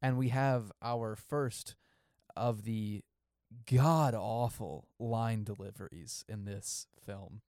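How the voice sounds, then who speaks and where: Casting: male podcast co-host, animated, dead-dry close recording. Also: lowish voice, slow, dry recording. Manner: animated, mimics bad line readings. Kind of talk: casual film review chat.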